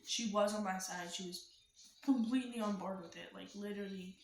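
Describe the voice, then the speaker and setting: A woman's voice: medium pitch, fairly even intonation, a little fast, a little hiss or hum. Chatty young woman in a roomy room. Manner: chatty, many "like" fillers. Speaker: vlogger telling a personal story. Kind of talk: casual storytime. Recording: roomy room with faint music.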